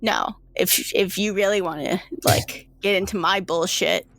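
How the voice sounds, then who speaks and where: Woman plays a surly, foul-mouthed young male patient; slow, dismissive drawl. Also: fairly low pitch, gravelly, a bit bright. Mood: annoyed, dismissive. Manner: swearing, dismissive, sulky.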